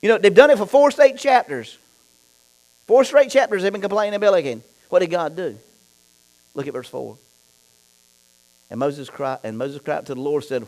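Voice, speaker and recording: A man with a high-pitched voice preaching a sermon as a pastor. He reads scripture aloud and speaks straight to his congregation, swinging between low asides and loud, fired-up stretches. A low mains hum runs underneath the recording. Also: normal speed, pauses often, poor audio.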